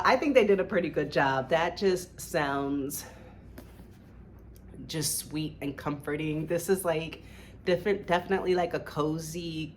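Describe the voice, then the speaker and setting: Gushing low-voiced woman book vlogger. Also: slight background noise. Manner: gushing, rambling, many "like"s. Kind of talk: casual book review chat.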